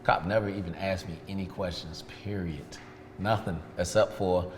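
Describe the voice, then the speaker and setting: A man's voice: low voice, steady tone, normal speed, background noise. A man in a sit-down interview, frankly recounting his past and retelling events with quoted dialogue. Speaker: interview guest, detailing business owner. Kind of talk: candid storytelling in a sit-down interview. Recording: long reverb with faint background ambience.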